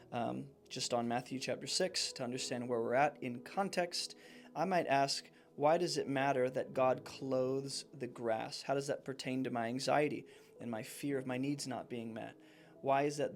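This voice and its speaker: A young man teaches a Bible study, working through a passage by asking one question after another. His voice sits at an ordinary middle pitch. Faint music plays underneath. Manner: reflective, asking many questions.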